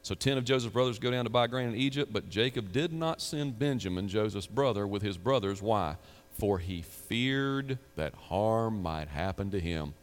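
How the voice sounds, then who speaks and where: A man's voice: on the low side, lively intonation, normal speed, in a large hall. A middle-aged man, a pastor, preaching a sermon in a conversational way, asking the listeners questions and breaking off into asides.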